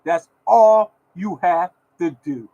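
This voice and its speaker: A man's voice: high voice, slow, dark tone, dry recording, muffled recording. A man hosting his own lottery podcast, talking in a repetitive, preachy way and scolding his listeners. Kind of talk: casual podcast rant.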